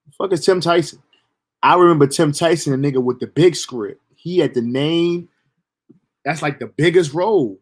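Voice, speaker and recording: A young man telling a story from his own life in a casual, animated, profane way. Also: a little high, normal speed. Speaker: storyteller streamer.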